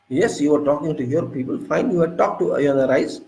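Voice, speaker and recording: A man's voice: fairly high pitch, brisk, gravelly, warm tone, roomy sound, low-quality recording. A man with an Indian English accent giving an indignant political monologue, lecturing with repeated rhetorical questions. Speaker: political commentator.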